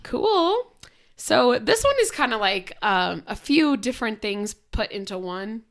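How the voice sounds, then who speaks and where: A young woman co-hosting a casual podcast, hoarse from a cold and laughing often as she talks. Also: fairly high pitch, sing-song, unhurried. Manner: giggly, laughs often between lines. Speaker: podcast co-host.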